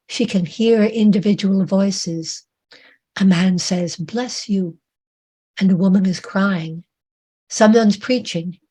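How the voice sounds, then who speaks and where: A woman author reads her own fiction aloud at an unhurried pace. Her delivery is measured and dramatic. She lets each phrase land before moving on. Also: mid-range voice, darkish tone. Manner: slow, measured dramatic reading.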